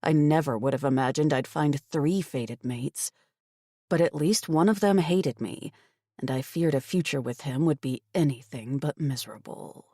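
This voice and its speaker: Woman, first-person audiobook narration, wry and expressive, close mic, dead-dry room. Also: deep voice, moderate pace, no room sound.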